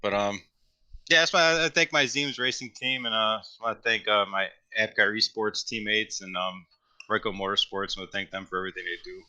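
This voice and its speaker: A sim racing driver, a man answering post-race questions with a very bright, slightly low voice. He talks modestly and haltingly, leaning on "you know", in a dry recording. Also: no room sound.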